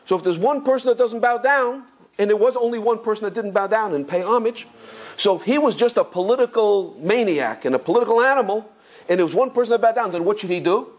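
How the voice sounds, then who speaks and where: A rabbi giving an animated Torah class, telling stories excitedly with stumbling repetitions and chuckles. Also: male voice, high-pitched, a little fast. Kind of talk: animated Torah lesson with storytelling.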